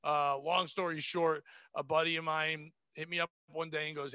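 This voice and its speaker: A man's voice: fairly high pitch, steady tone, brisk, sharp tone, smooth, no room sound. A man in his forties, a comedian guest telling profane, brash stories in a casual podcast chat. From New England. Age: 40s.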